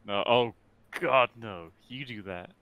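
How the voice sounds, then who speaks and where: A man sitting in on a game stream, giving quick, dry tips and advice in casual chat. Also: fairly low pitch, bright, forceful tone, clear, resonant tone. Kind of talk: casual chat over gameplay.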